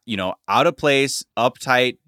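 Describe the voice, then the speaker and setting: Bright, dry-sounding male podcast host; casual, rambling, lots of "like.". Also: mid-range voice, measured pace, no room sound. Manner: loose, rambling storytelling with many fillers. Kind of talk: casual chat.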